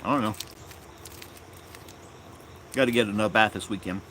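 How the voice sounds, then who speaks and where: A man chatting casually on a live stream in his yard, rambling and unhurried, talking fondly to his dog. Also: fairly low pitch, fairly bright tone, a little hiss or hum. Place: outdoors in a yard.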